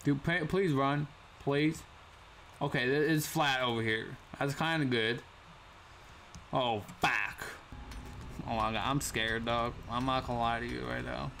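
A man's voice: medium pitch, fairly even intonation, a little slow, gravelly, long pauses, fairly bright tone, a little hiss or hum. A young man casually commenting on a survival game, slangy and prone to sudden startled yelps. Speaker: gaming channel host. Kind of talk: gameplay commentary.

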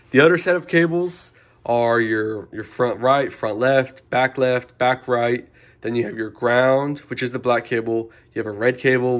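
Young guy rambling thru a diy car radio install, laid back, keeps fixing his words. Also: medium pitch. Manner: rambling, informal, self-correcting. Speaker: car audio DIY reviewer. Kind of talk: casual how-to explanation.

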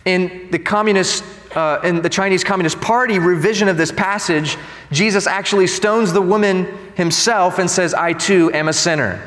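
A pastor delivers a sermon with a notably high, ringing voice. He preaches emphatically and with indignation. His words trail off into the long reverb of a church sanctuary. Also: moderate pace, a bit bright.

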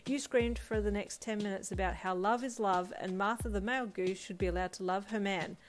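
A woman voicing a calm, dry uncle who speaks in a flat, deadpan way in a fan story reading. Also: fairly low pitch, normal speed, close to an everyday voice. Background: faint lo-fi drum music.

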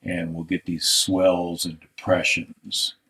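A male art instructor giving a live drawing critique, thoughtful and halting, often trailing off into soft mutters. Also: deep voice, completely flat delivery, poor audio.

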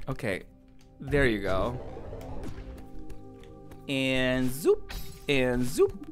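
A woman streamer chatting casually over gameplay, giggly and excitable with sudden squeals. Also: rumbling low, extremely slow, pauses often, faint music behind.

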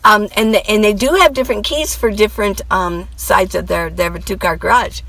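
A middle-aged woman telling a story for her vlog, her voice gravelly with a touch of fry. She rambles from aside to aside and acts out what others said. The sound is dry and close, with little room echo. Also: medium pitch, brisk, fairly bright tone. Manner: rambling, chatty, full of asides and quoted dialogue. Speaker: vlogger.

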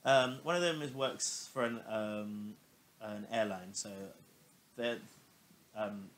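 A man co-hosting a podcast, chatting in a relaxed way and laughing often. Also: lowish voice, takes it slowly, a little hiss or hum. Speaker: podcast co-host. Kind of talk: casual chat.

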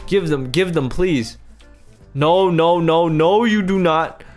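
A young man giving excited gameplay commentary as a YouTuber, talking to his viewers in exasperated, loud outbursts. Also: on the high side, slow pace, soft background music. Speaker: YouTuber playing a video game.

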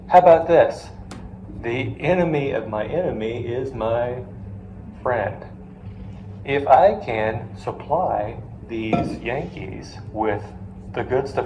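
Speaking in a mid-range voice through dull-sounding audio, a male finance lecturer tells stories to a live class, asks students questions and throws in jokes. The classroom sounds roomy, with faint noise.

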